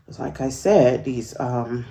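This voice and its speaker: A woman with a low, gravelly voice walks through a sewing project step by step, in a casual tutorial style. She talks at an unhurried pace and thinks aloud, often pausing on small fillers. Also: mellow, a little hiss or hum.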